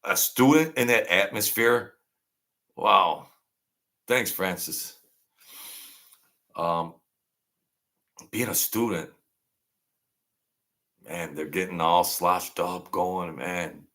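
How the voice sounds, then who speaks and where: A man's voice: sits low, very slow, pauses often, bright, forceful tone. A man hosting a casual livestream, rambling as he greets viewers by name and answers their comments. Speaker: livestream host.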